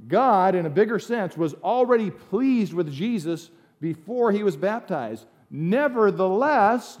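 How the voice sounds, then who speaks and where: A man's voice: on the high side, a little mellow. A middle-aged man from the United States, preaching a sermon as a pastor in a conversational way that swings into emphatic bursts.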